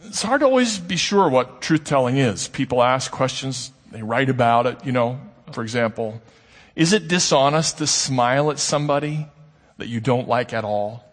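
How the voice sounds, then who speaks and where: A man's voice: medium pitch, lively intonation, normal speed. A man preaching a sermon in a conversational way, posing rhetorical questions to his congregation. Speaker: pastor. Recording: long hall reverb.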